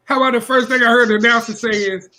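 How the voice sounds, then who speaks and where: A man co-hosting a casual sports podcast, telling stories in an animated way. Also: very high voice, poor audio. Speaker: podcast co-host.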